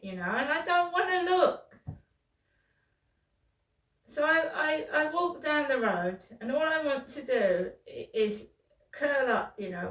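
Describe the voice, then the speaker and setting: Her voice is high-pitched and a bit bright, reverberant and picked up by a distant mic. She's a middle-aged woman with a British English accent, vlogging in pain in a rambling, profane personal monologue full of restarts and stumbles.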